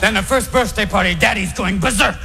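A man doing stand-up comedy with quick, jokey riffing. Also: sits high, gravelly, over music. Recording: live stand-up with crowd and noise.

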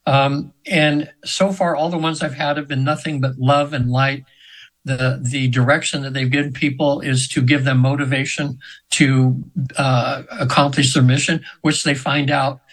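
A man's voice: medium pitch, level tone, moderate pace, fairly bright tone, poor audio. A man in his seventies, a hypnotherapist telling a story as a guest in an interview, earnest and rambling with many restarts. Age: 70s.

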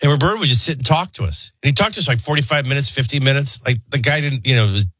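A man hosting a talk show, rambling through childhood anecdotes and a quick sports rundown. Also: mid-range voice, lively intonation, a bit bright, husky, no echo. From New Orleans area. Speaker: talk radio host. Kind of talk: casual storytelling and sports rundown.

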